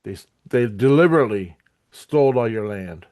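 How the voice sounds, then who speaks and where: A man voicing a priest from his vision, giving brief, matter-of-fact replies in his own low voice. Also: lively intonation, normal speed, a little mellow, no echo, close to an everyday voice. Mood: calm. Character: calm male priest speaking in a vision.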